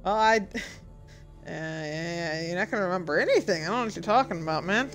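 A woman with a fairly low voice talks a little fast over faint background music. She's a gaming streamer doing let's-play commentary on a horror game, swearing a lot and laughing at her own mistakes. Her delivery swings between loud shouted outbursts and muttering.

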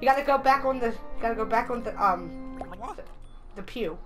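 A woman's voice: a little high, brisk. Giggly young woman giving game tips. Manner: giggly, bossy instructions, frequent laughter. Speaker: friend coaching the player. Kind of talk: casual let's-play chat. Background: game music.

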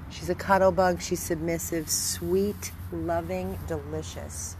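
Brief: woman rescue volunteer, low-pitched and gushing, affectionate casual talk, recorded outdoors with clear background noise. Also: fairly even intonation, slow, few pauses. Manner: gushing, affectionate, switches into high baby talk for the dogs. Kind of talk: casual video narration with pet talk.

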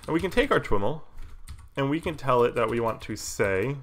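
A man's voice: medium pitch, moderate pace. Man with a cold explaining code. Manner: relaxed, explains while typing, many fillers. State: has a cold, coughing. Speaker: live coding streamer. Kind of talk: casual live coding tutorial.

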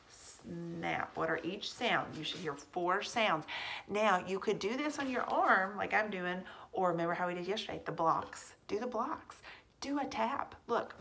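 A woman teacher giving a phonics lesson to young children at home, sounding out letter blends slowly and asking encouraging questions. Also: lowish voice, expressive, creaky, fairly bright tone, a little hiss or hum.

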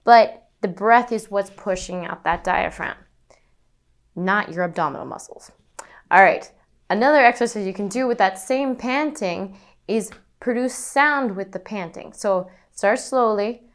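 A woman's voice: mid-range voice, measured pace. A woman teaching singing, demonstrating breathing exercises as she explains them. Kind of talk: vocal lesson demonstration.

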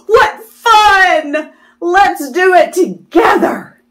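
A woman voicing an eager young male pollywog in a children's storybook, in a high, bubbly, exclaiming voice. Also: animated, slow pace, a bit bright, heavily acted. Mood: excited.

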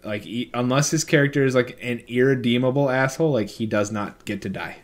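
A man's voice: medium pitch, fairly quick. A man co-hosting a casual comedic movie podcast, rambling with lots of "like" fillers and sudden bursts of mock outrage. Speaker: podcast co-host.

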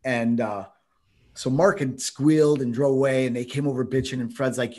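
A middle-aged man chatting casually as a martial arts instructor, telling rambling, animated stories and laughing often. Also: medium pitch, brisk. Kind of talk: casual chat.

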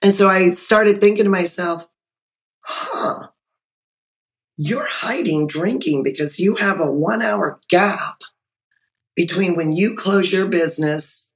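A woman's voice: fairly low pitch, a little slow, rough recording. A middle-aged woman, a guest on a video call, telling her own story with feeling and acting out her own past words. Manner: animated, emotional, acts out her own quotes. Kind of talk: casual storytelling.

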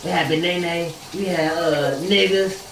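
A man running a prank vlog, loud and joking, swearing freely as he chats from a bathroom. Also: a little high, steady tone, measured pace, a little hiss or hum. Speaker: prank vlogger. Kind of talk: casual prank vlog chat. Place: bathroom with shower. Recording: echoey bathroom, distant mic.

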